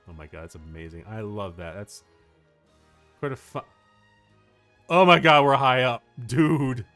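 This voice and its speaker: A man streaming a video game, reacting excitably and talking to himself as he plays. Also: medium pitch, a little slow, pauses often, faint music behind. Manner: excitable, laughs often, talks to himself. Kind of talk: casual gaming commentary.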